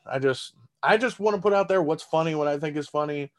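A man's voice: on the high side, lively intonation, fast talker, hardly any pauses. A man with a Southern accent, a stand-up comedian in casual podcast chat who laughs often and talks loosely with lots of fillers and swearing. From Texas.

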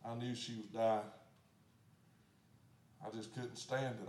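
A man pastor preaching a sermon, swinging from shouted declarations down to hushed storytelling. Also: lowish voice, level tone, a little slow, long pauses. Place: church sanctuary. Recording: echoey church sanctuary.

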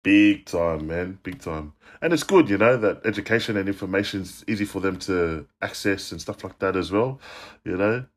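A man's voice: low voice, animated, moderate pace. A middle-aged man, casually reminiscing in a laid-back podcast chat. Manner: laid-back, reflective, frequent fillers. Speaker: podcast co-host.

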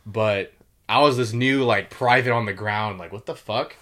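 A man's voice: fairly low pitch, a bit bright. A young man telling war stories in a casual chat, loose and full of fillers and swearing. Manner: swears a lot, quick and loose with many fillers. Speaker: podcast host telling military stories.

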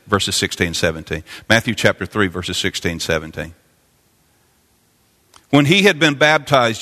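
A man's voice: lowish voice, sharp tone. Preaching man in a reverberant sanctuary. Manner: preaching with swelling intensity, repeating phrases. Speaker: pastor. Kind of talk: sermon. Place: church sanctuary. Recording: long church reverb.

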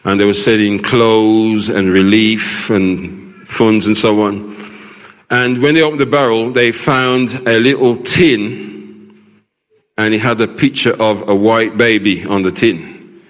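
Male pastor preaching, slow and deliberate delivery, long church reverb. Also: fairly low pitch, fairly even intonation. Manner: preaching, asks the congregation questions. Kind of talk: sermon. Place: large church.

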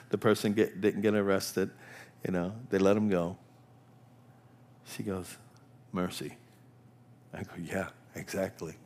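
An older man's sermon is fervent and repetitive, shifting between hushed whispers and loud, rising cries. His voice is on the low side and has a breathy edge.

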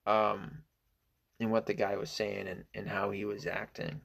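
A man's voice: fairly low pitch, monotone, measured pace, gravelly, a bit bright, husky. A man giving a casual, indignant opinion monologue, rambling and hesitant with many fillers, restarts and swearing. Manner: profane and indignant. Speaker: political commentator.

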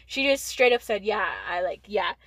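A woman's voice: mid-range voice, normal speed, fairly bright tone, dry recording, rough recording. A teenage girl from Texas telling a school story in casual chat, rambling with lots of "like" and frequent swearing. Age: late teens. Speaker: podcast co-host.

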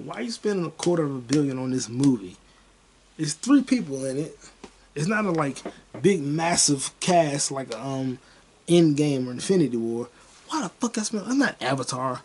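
A young man hosting a podcast alone, ranting about a movie in a profane, rambling way, with bursts of excitement. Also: a little high, gravelly, breathy edge. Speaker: podcast host. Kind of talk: casual solo movie review rant.

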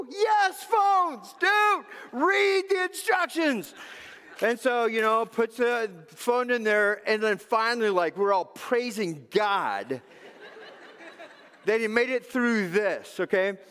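A man's voice: sits high, long reverb tail. A man preaching a sermon as pastor, telling a funny story and acting out its parts with animation. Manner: animated storyteller, acts out bits.

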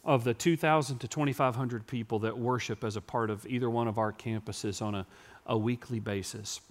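A man, preaching a sermon to his congregation in a church and building to loud, yelling emphasis. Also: on the low side, creaky. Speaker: pastor. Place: church sanctuary.

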